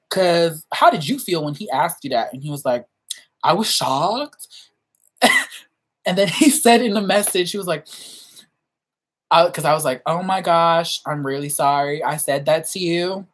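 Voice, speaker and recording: A young woman vlogger telling stories in a casual, animated way, acting out quoted voices with big jumps in pitch and laughing often. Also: moderate pace, breathy edge. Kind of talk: casual storytelling chat.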